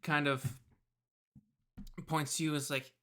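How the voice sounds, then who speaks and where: Bright-voiced, hesitant game master. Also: mid-range voice, flat delivery, slow. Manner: hesitant, with fillers and laughs. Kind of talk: narrating a tabletop game.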